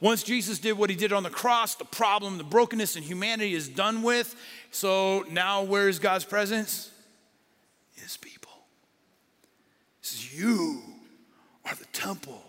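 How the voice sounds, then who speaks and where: A middle-aged man, a pastor preaching a sermon, who moves between lively talk and hushed whispers for emphasis. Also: high-pitched, normal speed. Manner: dynamic, drops to a whisper for emphasis. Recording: long hall reverb.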